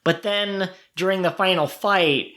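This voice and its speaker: A man co-hosting a podcast in casual chat, who laughs often and jumps his voice up high to quote characters. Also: measured pace, bright, forceful tone. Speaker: podcast co-host.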